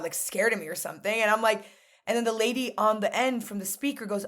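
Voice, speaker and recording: A woman's voice: fairly high pitch, fast. Blunt New woman telling stories. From New York. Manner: animated storytelling, blunt and frank. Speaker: podcast guest. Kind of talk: casual conversation.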